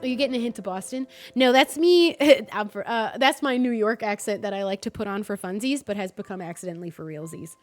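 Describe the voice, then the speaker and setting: A woman's voice: mid-range voice, fairly quick, few pauses, faint music behind. A young woman from North Jersey with a light North Jersey accent, chatting casually while streaming a game. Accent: North New Jersey. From North New Jersey. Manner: chatty, animated, self-deprecating. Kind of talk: casual gaming commentary.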